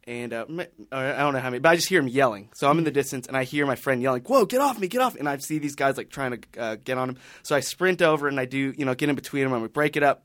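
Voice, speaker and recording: A man's voice: medium pitch, a bit bright, dry recording, studio quality. Rambling man telling a story. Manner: rambling, many restarts and fillers. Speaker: podcast panelist. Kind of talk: casual storytelling.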